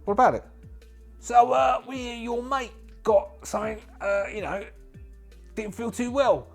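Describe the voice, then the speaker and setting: A man's voice: extremely high pitch, a little slow, creaky, faint music behind, voice pushed up, full character voice. A man voicing a pushy, streetwise male soldier who needles and leans on people in a blunt, slangy way. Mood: needling.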